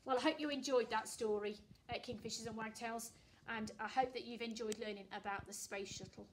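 A woman teacher reads a storybook aloud to a young class in a bright, expressive way. Her voice sits high and stays friendly as she points out the parts of a diagram. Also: a little fast, slight background noise. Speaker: primary school teacher.

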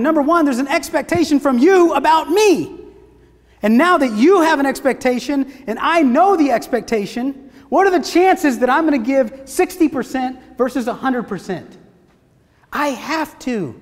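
A man giving a motivational seminar talk, energetic and asking his audience questions. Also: extremely high pitch, moderate pace. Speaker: motivational speaker. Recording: long hall reverb.

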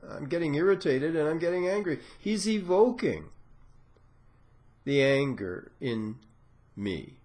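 A man giving an informal lecture, explaining step by step with frequent pauses and filler sounds. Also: mid-range voice. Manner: explanatory, unhurried, many "uh" and "um" pauses; acts out patient dialogue in a raised voice. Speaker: lecturer on psychoanalysis.

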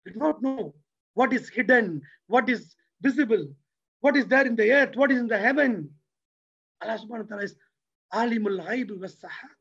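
A man giving a motivational religious talk, lively and preacherly, who keeps asking his audience rhetorical questions. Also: very high voice, a little fast, husky, lo-fi sound. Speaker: lecturer.

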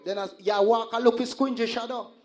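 A Jamaican man working as a sound system selector, hyping and calming the crowd in patois during a live sound clash. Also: extremely high pitch, fairly quick. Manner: shouting at the crowd in patois, hoarse hype. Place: live outdoor dance event.

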